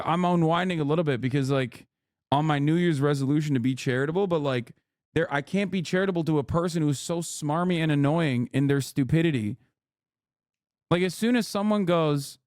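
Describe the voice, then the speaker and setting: A man's voice: on the high side, darkish tone, no room sound, studio quality. A man streamer giving heated political commentary, ranting with exasperation and heavy swearing. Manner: mocks others in put-on voices.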